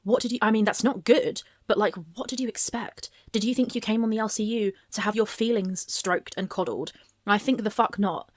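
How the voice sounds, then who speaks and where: A woman's voice: mid-range voice, a little fast, dry recording, studio quality. A woman giving blunt, sarcastic commentary on a clip, swearing freely. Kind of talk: casual commentary.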